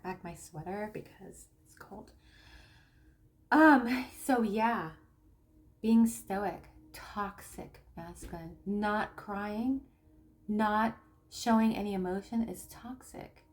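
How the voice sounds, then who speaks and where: A woman talking casually to camera as a spiritual coach and tarot reader. She speaks haltingly, with many restarts and fillers, and lets phrase endings sink to a low murmur. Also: a little mellow.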